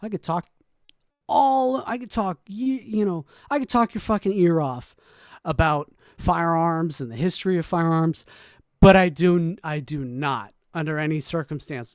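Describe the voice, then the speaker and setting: A man casually commenting as he reacts to a video, rambling and joking, swinging from low mumbles to loud whoops. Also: dry recording, studio quality. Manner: frequent restarts and laughs, profane.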